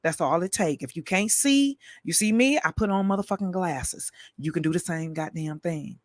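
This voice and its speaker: A tired woman hosting a live stream, delivering a fiery, profane rant full of rapid-fire repetition. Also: fairly low pitch, expressive, no room sound, clean studio sound.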